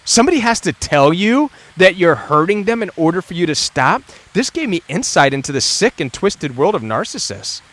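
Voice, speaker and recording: A man's voice: high-pitched, very animated, normal speed, few pauses, fairly bright tone. A man hosting a talk about narcissistic abuse, speaking earnestly and emphatically, now and then acting out what others say. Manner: earnest, emphatic, acts out quoted voices. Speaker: host.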